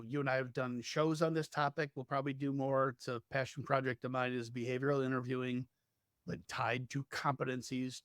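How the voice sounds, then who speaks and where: A man's voice: mid-range voice, a bit bright, dry recording. A man hosting a business podcast, talking casually and earnestly, often restarting his words as he thinks aloud. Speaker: podcast host.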